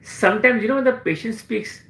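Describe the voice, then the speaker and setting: A man with an Indian English accent teaches in a live question-and-answer session. He explains things with repeated emphasis. His voice is high and gravelly, and an echoey room surrounds it. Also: brisk, a bit bright. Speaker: homeopathic doctor.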